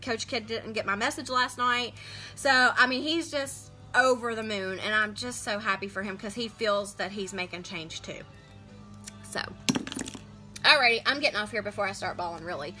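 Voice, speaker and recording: A woman's voice: fairly high pitch, normal speed, sharp tone, soft background music. Chatty emotional woman livestreaming. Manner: chatty, emotional, talks straight to viewers. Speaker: livestream host selling lip products. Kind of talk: casual livestream chat.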